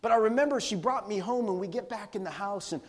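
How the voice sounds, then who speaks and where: A man's voice: sits high, fast talker. A middle-aged man, a pastor, telling a personal story in a sermon with laughter and acted-out quotes.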